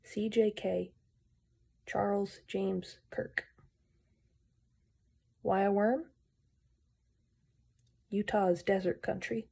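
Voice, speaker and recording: A woman reading a moral story aloud and then speaking earnestly and gently to her viewers, in a pleading tone. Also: medium pitch, fairly even intonation, extremely slow, vocal fry, long pauses, slightly rough. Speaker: storyteller and channel host.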